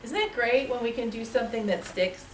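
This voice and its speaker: A woman teaching a small gathering in a lively, chatty way, laughing often as she talks. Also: a little high, brisk. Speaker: spiritual teacher. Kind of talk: lively talk to a live audience. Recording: echoey room, mic far off, faint hiss.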